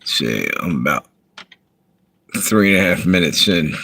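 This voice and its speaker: A man's voice: extremely low pitch, lively intonation, unhurried, gravelly, bright, forceful tone. A man from Delaware, chatting casually on a live stream from his parked car, greeting viewers and rambling between comments.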